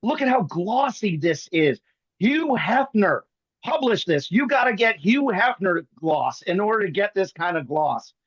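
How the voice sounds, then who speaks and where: A man guest on a video call, riffing and joking fast with bits of mimicry. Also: sits high, sing-song, a bit bright, slightly rough, no echo, dull audio. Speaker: guest magician. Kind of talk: comic banter on a video call.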